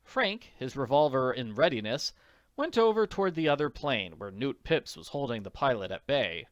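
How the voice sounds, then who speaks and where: A man reading an audiobook in an expressive narrating voice. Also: medium pitch, normal speed, no echo, muffled recording. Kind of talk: scripted narration.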